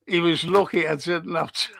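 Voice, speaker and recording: Male podcast host, slightly raised pitch, gravelly fry, loose and sweary, chats straight to his live viewers. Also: fairly bright tone. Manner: rambling storyteller, swears freely. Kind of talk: casual live-stream chat reading comments.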